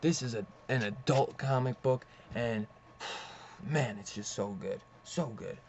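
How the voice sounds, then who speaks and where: A young man casually reviewing a comic book, rambling and excitable, swearing and saying "dude" often. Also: medium pitch, slow. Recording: slightly dull lo-fi audio with faint hiss.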